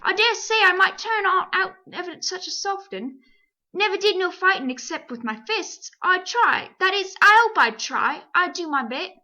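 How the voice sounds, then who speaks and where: A woman's voice: very high-pitched, lively intonation, moderate pace, bright, forceful tone, dull audio, voice pushed up, full character voice. A woman voicing a humble, plain-spoken male London cabman who talks in a bashful, homely way in a storybook reading. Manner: homely, bashful, folksy speech.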